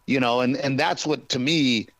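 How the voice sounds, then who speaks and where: A male comedian chatting as a guest in an interview, telling stories with lively acted-out quotes. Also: medium pitch, normal speed, dry recording, poor audio. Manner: animated storyteller, acts out arguments. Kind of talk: casual interview chat.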